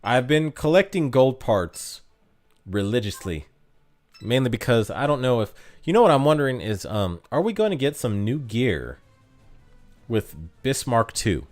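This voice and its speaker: A man's voice: mid-range voice, very animated, a little slow, darkish tone, faint music behind. An American man streaming a mobile game, reading chat aloud and joking about his own pronunciation. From United States. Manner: reads chat aloud, joking, playfully self-deprecating. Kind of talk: casual live-stream chat.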